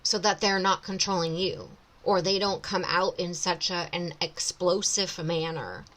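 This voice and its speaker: Slightly low-voiced woman reading tarot cards. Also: steady tone, measured pace, fairly bright tone, rough recording. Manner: thinks aloud, circling back and rephrasing. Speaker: tarot reader. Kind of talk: intuitive tarot reading, casual monologue.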